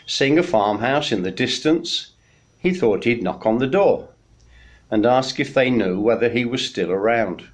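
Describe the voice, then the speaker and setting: A man, a church minister, giving a midweek sermon message in an unhurried storytelling manner with gentle pauses. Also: medium pitch, lively intonation.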